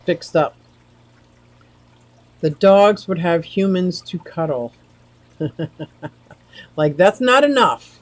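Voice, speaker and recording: A woman's voice: medium pitch, darkish tone, dry recording. A woman hosting a casual livestream from home, chatty and rambling as she reacts to the chat with frequent exclamations. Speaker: livestream host.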